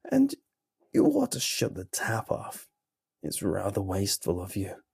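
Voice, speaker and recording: Casting note: male narrator doing a fragile flesh creature for a horror story, creaking, barking whisper, somber. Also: fairly low pitch, wildly swooping pitch, a little slow, dry recording, exaggerated voice. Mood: defeated. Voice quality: harsh, creaking, barking grind. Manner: quiet, breathy whisper. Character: weak half-formed flesh creature, sorrowful.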